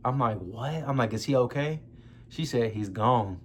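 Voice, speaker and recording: A man's voice: mid-range voice, moderate pace, slight background noise. A young man, grieving as he tells a personal story in loose, slangy talk, close to tears. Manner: loose, conversational slang, addresses viewers as y'all. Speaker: vlogger. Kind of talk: emotional personal storytelling to camera.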